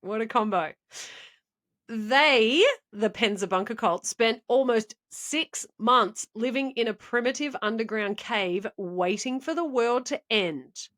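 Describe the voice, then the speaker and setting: A woman's voice: a little high, slow pace, fairly bright tone. A woman co-hosting a podcast, telling a story in a rambling, chatty way and laughing often. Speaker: podcast co-host. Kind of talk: casual podcast chat.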